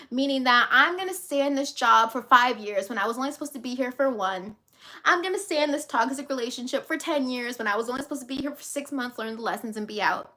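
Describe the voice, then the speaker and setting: A woman coach speaks straight to her listeners in a high, bright voice. She preaches with force and swears without holding back. She keeps acting out the inner voices she describes. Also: moderate pace. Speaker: life coach. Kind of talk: motivational monologue to camera.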